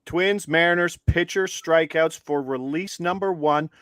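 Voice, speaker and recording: A man's voice: fairly high pitch, measured pace, clear, resonant tone, no echo. A man co-hosting a live sports betting stream, upbeat and walking viewers through each step. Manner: upbeat, steady and instructive, walks viewers through steps. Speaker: co-host.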